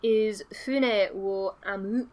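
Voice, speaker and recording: A woman from England hosting a casual chat, talking freely and laughing often, and reading aloud haltingly at times. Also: mid-range voice, fairly even intonation, darkish tone. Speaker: host.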